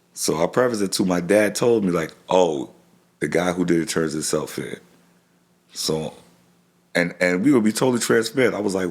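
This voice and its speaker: A middle-aged man tells a personal story as a podcast guest in a deep voice with a rough, crackly edge. His speech comes in halting bits that often restart, and he voices the people in his story.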